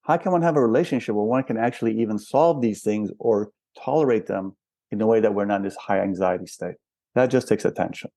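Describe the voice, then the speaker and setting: A man's voice: fairly low pitch, quick pace, dark tone, no room sound. An older man, a spiritual counselor and guest, explaining patiently and asking rhetorical questions in a reflective interview.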